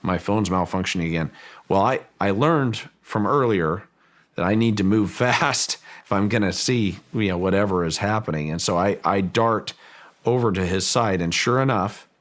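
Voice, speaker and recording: Casting note: very deep-voiced middle-aged man, recounting events slowly, stops and restarts his phrases. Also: fairly bright tone. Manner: halting, repeats words while thinking. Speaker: property owner telling a story. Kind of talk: recounted personal story, interview-style.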